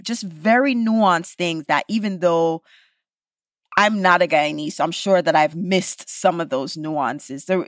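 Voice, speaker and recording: A woman's voice: fairly low pitch, no echo, studio quality. A woman from the Caribbean with a Caribbean accent, a guest talking casually and emphatically, often adding tag questions. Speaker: guest, podcast creator. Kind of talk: casual conversation.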